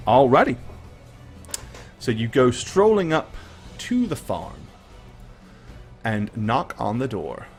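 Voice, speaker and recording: A man narrating a tabletop game as game master, relaxed and pausing with fillers. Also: mid-range voice, faint music behind.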